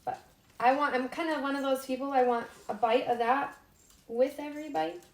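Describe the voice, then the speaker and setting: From her home kitchen, a woman with a bright, high, steady voice hosts a live cooking stream at a normal speed. She chats loosely with viewers, reads their names aloud, and talks to herself while she works.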